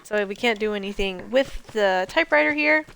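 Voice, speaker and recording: A woman's voice: mid-range voice, lively intonation, moderate pace, gravelly, a bit bright, smooth. A woman in her twenties giving chatty, joking commentary over gameplay, often exclaiming. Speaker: gameplay streamer. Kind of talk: casual let's play commentary.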